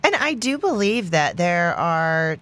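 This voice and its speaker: A woman in her late thirties talking through her views on a podcast in a low, grounded voice. She speaks casually, pausing on fillers, then stresses her points firmly. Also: big pitch swings, fairly bright tone. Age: late 30s. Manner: reflective, emphatic opinions with frequent fillers. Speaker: podcast co-host. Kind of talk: casual chat.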